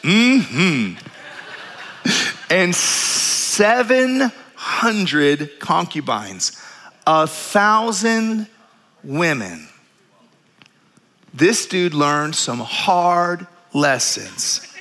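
A middle-aged male pastor, preaching a sermon in an animated, storytelling way with jokes and asides. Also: high voice, very slow.

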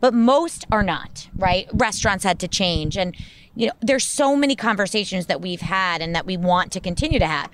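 A woman's voice: medium pitch, animated, moderate pace, fairly bright tone. A woman moderating a live panel outdoors, chatty and affirming. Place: outdoor deck.

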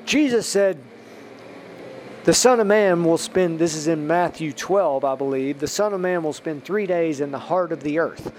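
A man's voice: on the high side, normal speed, a little mellow, slight background noise. A man hosting a religious podcast, preaching emphatically and then praying over a long list of listeners. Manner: emphatic, rising to stress points, then praying through a list. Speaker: podcast host.

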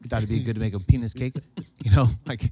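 A man in his late thirties hosting a podcast, telling stories in a loose, animated way, swearing, laughing and acting out what people said. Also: medium pitch, fast, breathy edge, no room sound. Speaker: podcast host. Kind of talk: casual storytelling chat. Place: southern California.

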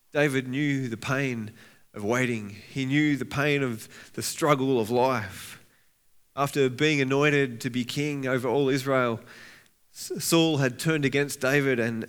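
A man's voice: mid-range voice, a bit bright, clear, resonant tone. A man preaching a sermon as a pastor, earnest and heartfelt, reading scripture aloud with rising intensity and often restarting his words. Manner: frequent restarts and repeated words.

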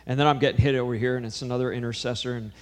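A man's voice: medium pitch, steady tone, racing. A man preaching a sermon, telling a story with emphatic rises and drops in his voice. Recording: long hall reverb.

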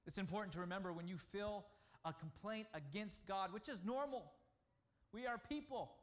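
A man preaching a conversational sermon, at times dropping to a hushed voice to speak as God. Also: sits high, animated, moderate pace. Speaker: pastor.

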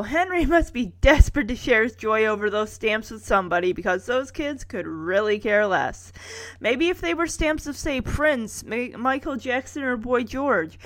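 A woman's voice: on the high side, fairly bright tone. A woman recapping an episode in a casual, chatty way, with wry sarcastic asides.

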